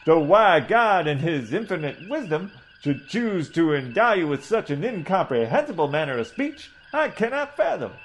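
A man's voice: fairly high pitch, sing-song, moderate pace, hardly any pauses, soft background music. A man voicing a pompous old male ship's doctor, talking in florid, preachy oratory in a comedy audio parody.

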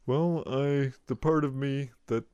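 Brief: man, slow deadpan storyteller. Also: medium pitch, smooth, no echo. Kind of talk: casual comedic banter.

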